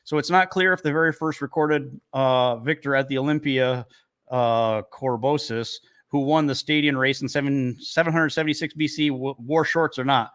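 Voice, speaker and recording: A man's voice: mid-range voice, fairly bright tone, clean tone. A man from Northern New York co-hosting a casual comedy podcast, telling stories and laughing often. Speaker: podcast co-host.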